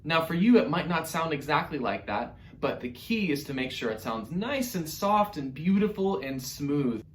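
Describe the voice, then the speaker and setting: A man's voice: on the high side, animated, normal speed, roomy sound. A man teaching an online music lesson to children in a playful, encouraging way.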